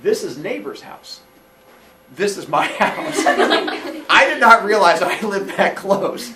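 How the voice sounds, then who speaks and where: A man in his forties telling a childhood story casually, animated and laughing often, acting out quotes in a high voice. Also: slow, recorded from a distance, noisy background. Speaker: podcast host.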